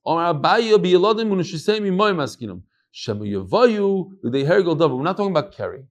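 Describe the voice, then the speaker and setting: A middle-aged rabbi with a fairly high voice gives an animated daily Talmud class. He reads the text and then drops into casual, chatty asides. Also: fast. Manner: animated, jumps between quoting Aramaic and chatty English.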